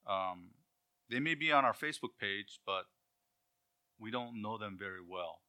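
Brief: male preacher, conversational sermon, bright and forceful tone. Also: fairly low pitch, lively intonation, measured pace. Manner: conversational, rhetorical questions, acts out quotes.

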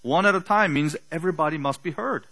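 A male pastor delivers a sermon in a bright, forceful voice that sits a little high for a man. He speaks slowly and deliberately, with a slight non-native accent. He drives his points home with emphatic rhetorical questions. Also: poor audio.

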